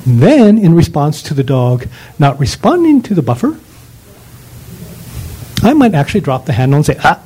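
A man's voice: on the high side, very animated, normal speed, long pauses, dark tone, husky, poor audio. A man lecturing on dog training in an emphatic, ranting way, full of rhetorical questions.

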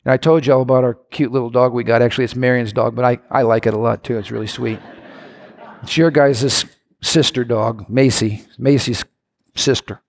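A man preaching a sermon in an animated way, his voice climbing to near-shouts. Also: medium pitch, normal speed. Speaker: pastor.

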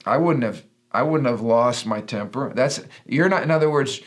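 Earnest middle-aged pastor on a podcast. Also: male voice, medium pitch, normal speed. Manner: earnest, preachy storytelling. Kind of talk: casual Christian podcast talk.

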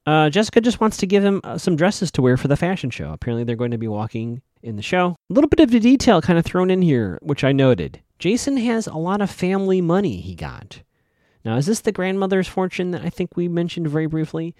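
A man's voice: fairly high pitch, very animated, brisk, darkish tone, no room sound, studio quality. A man casually recapping a TV episode as a podcast host, chatty and rambling, often correcting himself.

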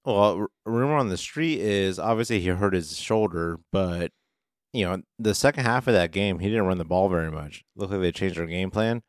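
Speaking at normal speed in a low voice, a man co-hosts a fantasy football podcast full of laid-back sports talk. He swears a bit and uses analogies from work. The audio is studio quality, without echo.

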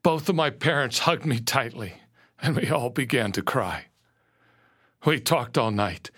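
A man narrating a first-person story slowly and earnestly, dropping to a hush at moments. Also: mid-range voice, lively intonation, breathy edge. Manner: slow, earnest storytelling with quiet hushed moments.

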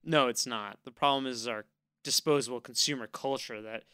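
A man co-hosting a casual podcast chat, making wry deadpan jokes. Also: mid-range voice, normal speed, smooth. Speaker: podcast co-host.

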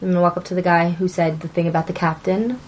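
A woman's voice: lowish voice, fairly even intonation, fast talker. A woman playing a tabletop game, joking around and asking lots of questions. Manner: playful, jokey, asks lots of questions. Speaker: player.

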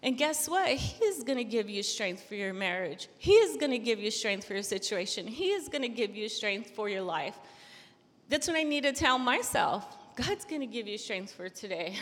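Young woman, higher voice, earnest devotional talk, chatty with fillers, long reverb. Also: fairly bright tone. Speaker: Christian speaker.

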